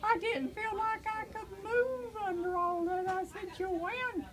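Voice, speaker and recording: An older woman, an evangelist, telling her personal testimony in a halting way with many pauses and fillers, turning tearful in places. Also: very high-pitched, fairly bright tone, rough recording.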